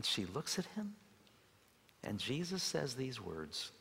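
A man preaching a sermon in a dramatic way, shifting between loud emphasis and hushed tones as he tells stories. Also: medium pitch, sing-song, slow pace, gravelly, pauses often, breathy edge. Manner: storytelling with acted quotes. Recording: long reverb of a large hall.

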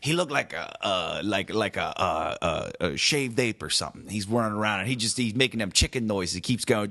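Animated rambling man reviewing a movie. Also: on the low side, fairly quick, few pauses. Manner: animated, rambling, colloquial, complaining. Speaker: podcast co-host. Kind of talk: casual movie review chat.

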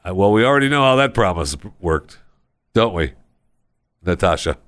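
A man's voice: deep voice, big pitch swings, moderate pace, a bit bright, no room sound, clean studio sound. A man hosting a podcast, bantering and reading listener reviews aloud in a wry, teasing way. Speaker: podcast host.

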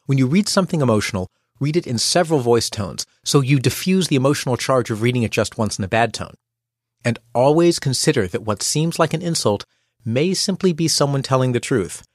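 Man, host and coach, playful scripted delivery, very lively pitch. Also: brisk, dry recording, clean studio sound. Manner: wry, playful, acts out quoted voices. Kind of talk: scripted podcast narration.

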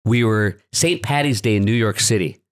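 A man who is a former goalie and now a broadcaster, a podcast guest telling long anecdotes in a relaxed studio chat, often restarting his sentences. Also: fairly low pitch, normal speed. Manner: rambling anecdotes with frequent restarts. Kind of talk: casual storytelling chat.

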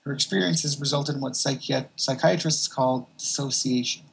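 A man's voice: medium pitch, normal speed, creaky, slightly rough, low-quality recording. A man doing a stern, lecturing doctor.

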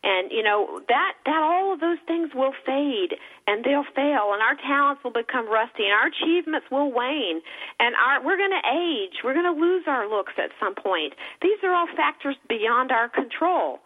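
A woman's voice: high voice, animated, normal speed. Woman author on a tinny phone line. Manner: earnest, emotional storytelling with faith references. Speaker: author guest. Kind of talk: radio interview on a phone line.

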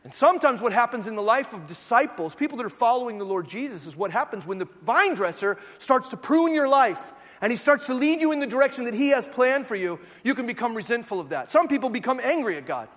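Animated pastor with a high voice. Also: male voice, fast talker, few pauses, big-room sound. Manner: storytelling, acts out voices, rising to shouts. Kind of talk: sermon.

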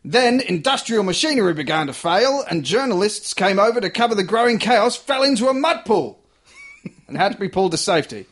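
A sarcastic Australian newsreader, as a man puts him on for laughs, reads a story in a mock-serious tone. The voice sits high and swings widely in pitch. He keeps chuckling between lines and trips over the foreign names. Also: sing-song, a little fast. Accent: put-on Australian. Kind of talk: comic read-aloud of a news article.

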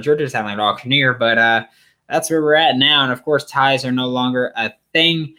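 A man's voice: mid-range voice, normal speed, pushed and bright. A young man hosting a sports podcast, talking casually and rambling with many fillers and restarts. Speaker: podcast host.

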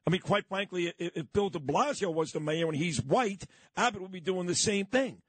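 A man hosting a morning radio talk show, interviewing bluntly and with lively energy. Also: sits high, moderate pace, breathy edge, no room sound. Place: radio studio.

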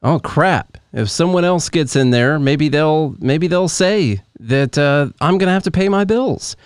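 Podcast co-host, male, smooth and resonant, dry close sound, casual commentary over articles and charts. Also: fairly high pitch, animated, measured pace, dry recording. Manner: reads articles aloud and explains charts with asides.

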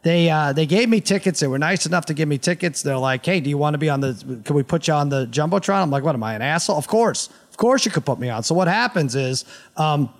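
A man's voice: a little high, expressive, fast. A man co-hosting a sports podcast, chatting casually and rambling with fillers and restarts. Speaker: podcast co-host.

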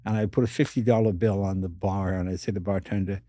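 An older man, appearing as a guest in a storytelling interview, tells stories in a deep voice and talks fast with hardly any pauses. He is an animated storyteller who acts out the voices of the people in his tales. The recording is clean studio sound with no room sound.

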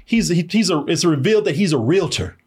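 A man hosting a podcast in casual chat, animated and laughing often as he acts out scenes. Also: on the high side, fast talker, husky. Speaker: podcast host reviewing a show.

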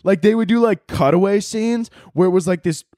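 A man's voice: sits high, fairly quick, warm tone, dry recording, clean studio sound. Laughing, swearing young podcast man. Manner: laughs often, swears, mocks with quoted voices. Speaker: podcast host. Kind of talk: casual comedic monologue.

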